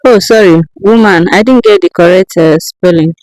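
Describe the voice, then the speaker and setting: A woman walking viewers through a how-to tutorial step by step, often pausing to check in with "okay?". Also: fairly low pitch, a little mellow, no room sound, low-quality recording. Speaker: tutorial creator. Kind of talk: screen-recorded how-to tutorial.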